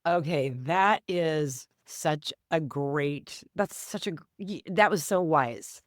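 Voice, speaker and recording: A woman in her fifties, a podcast guest, telling stories in an animated, conversational way and laughing now and then. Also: low voice, takes it slowly, dry recording, clean studio sound. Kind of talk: conversational storytelling.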